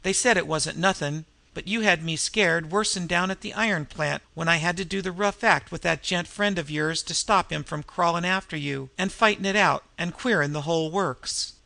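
A man's voice: on the high side, moderate pace, creaky, hardly any pauses, sharp tone, dry recording. A man voicing a nervous young male street crook who talks in slang and drops his g's. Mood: earnest.

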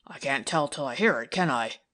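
A woman's voice: extremely low pitch, lively intonation, brisk, fairly bright tone, pitched below the performer's own voice, exaggerated voice. A woman voicing a cynical, impatient male detective who speaks dryly and sneers. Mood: gruff.

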